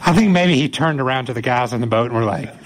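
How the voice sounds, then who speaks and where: A man preaching a sermon, retelling scripture as a lively story and acting out the voices of the people in it. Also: mid-range voice, fast talker, low-quality recording. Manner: animated storytelling, acts out quoted voices. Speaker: pastor.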